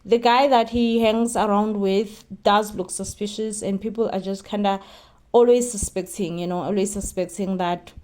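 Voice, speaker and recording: A woman's voice: mid-range voice, fairly even intonation, moderate pace, a little mellow. A young woman talks casually to her viewers in a mid-range voice. She rambles through a soap recap, stacking fillers and repeating words as she goes. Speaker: soap opera recap vlogger.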